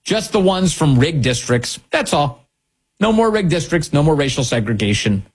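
Emphatic husky man on a monologue. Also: medium pitch, brisk. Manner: sarcastic, indignant, emphatic. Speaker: political commentary host. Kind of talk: opinion monologue.

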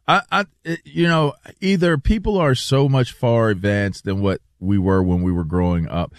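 A man's voice: on the low side, moderate pace, dry recording, studio quality. A man co-hosting a sports radio show, telling rambling stories in casual banter and often repeating himself. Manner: rambling, animated storyteller who repeats himself. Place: radio studio.

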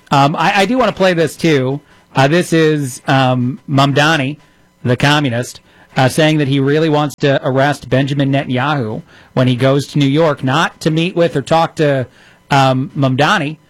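A man's voice: on the high side, no room sound, rough recording. A man hosting an opinionated political commentary show, talking in a sarcastic, mocking way as he plays clips and reacts.

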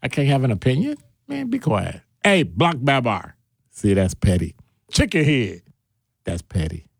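A man's voice: medium pitch, big pitch swings, normal speed, husky, no echo, studio quality. A man hosting a call-in radio talk show, reading listener texts aloud with playful, teasing banter.

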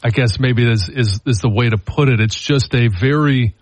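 An easygoing man talks on morning sports radio, joking along in plain, relaxed banter. His voice has a slightly husky edge. The mic is close and dry. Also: mid-range voice, moderate pace, no room sound. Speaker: radio show co-host.

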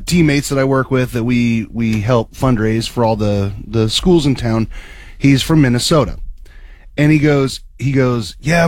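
A man co-hosting a local morning radio show, telling a funny story in an excitable way and laughing as he goes. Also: medium pitch, no echo. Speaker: radio co-host. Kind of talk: animated storytelling on air.

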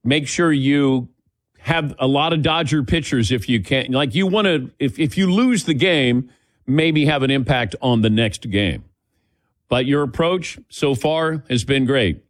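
Male radio host type, loose rambling chat, average pitch, dead-dry booth. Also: unhurried, no echo. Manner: rambling, self-correcting. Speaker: radio talk show host. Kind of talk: casual sports talk chat.

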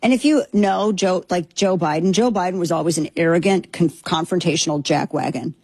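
A woman's voice: on the low side, fairly quick, a little mellow, breathy edge, dry recording. A woman hosting a political talk show, delivering a sarcastic, indignant monologue. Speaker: political commentary host.

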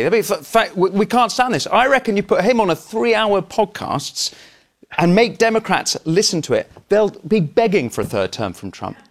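A man on a panel show giving witty, scornful commentary. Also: high-pitched. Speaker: panel guest.

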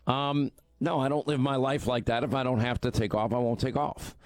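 A man's voice: mid-range voice, fairly quick, a little mellow, no echo. A man hosting a political talk radio show, chatty and joking about himself, his voice strained and tired from too much talking. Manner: conversational, self-deprecating banter. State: strained, worn voice from overuse.

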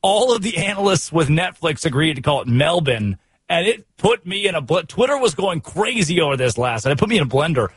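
An American man hosting a sports radio show, talking fast and emphatic with strings of rhetorical questions. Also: a little high, big pitch swings, husky, dry recording. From United States.

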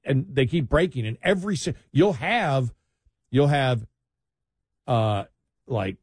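A man's voice: mid-range voice, expressive, slow, a little mellow, slightly rough, no room sound, studio quality. A man chatting casually about politics, rambling with restarts and sarcastic asides.

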